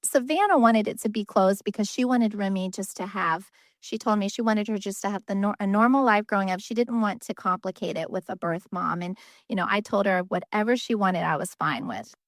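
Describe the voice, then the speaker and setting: A middle-aged woman speaking as a guest about her own family, earnest and emotional, her talk full of small fillers. Her pitch sits in the ordinary middle for a woman. The sound is close and dry, with no room around her. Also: brisk, no room sound. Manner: earnest, emotional, many "you know" fillers and laughs. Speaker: adoptive mother and guest. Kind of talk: heartfelt personal storytelling.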